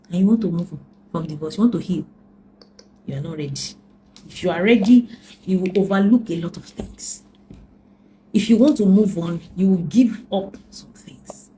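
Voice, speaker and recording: Middle-aged woman coach, earnest and repetitive, warm mellow tone. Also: mid-range voice, a little hiss or hum, poor audio. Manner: earnest, repetitive, preacherly emphasis. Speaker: relationship coach. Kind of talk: personal advice talk.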